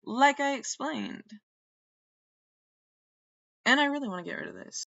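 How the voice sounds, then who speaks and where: A woman's voice: high voice, wildly swooping pitch, measured pace, gravelly, sharp tone. Woman, podcast host, rambling monologue, swears a lot, drifts off mid-sentence, muffled lo-fi recording.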